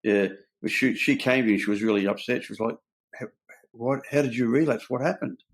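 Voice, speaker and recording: A brisk, mid-range male voice belongs to an older Australian host in a candid conversation. He tells his personal recovery story earnestly and without softening, relaying what people said in quoted dialogue.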